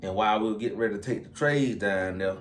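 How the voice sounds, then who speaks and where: A man's voice: lowish voice, fast. Laid-back rambling man in echoey room. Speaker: interview guest. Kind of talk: casual storytelling interview. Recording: echoey room with faint ambient noise.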